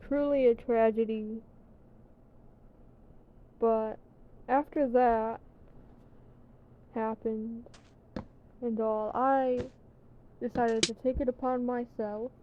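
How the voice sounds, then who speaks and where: A woman's voice: fairly high pitch, little pitch movement, takes it slowly, long pauses. A young woman rambling casually in a vlog, tired and yawning, swearing now and then. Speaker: vlogger. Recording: dull lo-fi sound with faint background noise.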